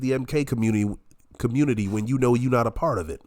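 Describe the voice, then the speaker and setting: A man's voice: mid-range voice, fast talker, a little mellow. A man giving heated, profane reaction commentary, his voice nasal and congested from illness. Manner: profane, combative ranting.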